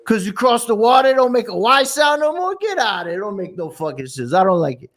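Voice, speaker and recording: High-voiced New man ranting casually. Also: quick pace. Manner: animated, profane ranting with lots of slang. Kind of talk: casual chat.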